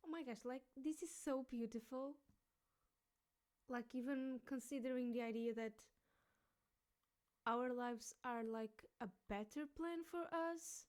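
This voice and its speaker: A woman gives casual reaction commentary on a video, gushing and reflective with plenty of "like". Her voice sits fairly high with a mellow, soft tone. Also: measured pace, long pauses. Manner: gushing, reflective, says "like" often.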